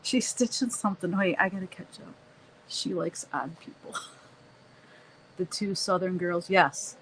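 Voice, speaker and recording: A woman's voice: sits low, a bit bright, slightly rough, poor audio. A middle-aged woman hosting a live stream, chatting casually and laughing often while she paints and reads the chat.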